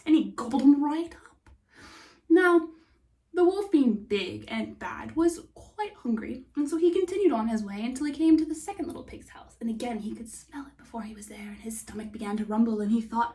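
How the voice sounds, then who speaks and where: A woman telling a fairy tale in a hushed, often whispering, unhurried voice. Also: fairly high pitch, distant mic. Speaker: storyteller. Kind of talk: soft whispered storytelling.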